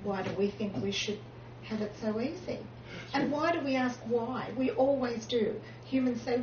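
A woman with a fairly high voice talks earnestly in a casual bible discussion. She sits away from the mic in a roomy space, and the dull lo-fi sound carries clear background noise. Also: moderate pace, hardly any pauses, a little mellow, recorded from a distance.

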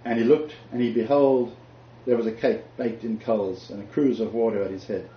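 An older man from Australia, preaching and telling a personal story with sudden loud peaks. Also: fairly low pitch, fairly even intonation, normal speed, reverberant, muffled recording, slight background noise.

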